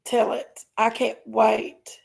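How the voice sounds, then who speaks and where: A woman's voice: on the high side, flat delivery, slow pace, gravelly, a little mellow. A woman hosting a casual livestream, ranting indignantly and emphatically while reading chat aloud. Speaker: live stream host.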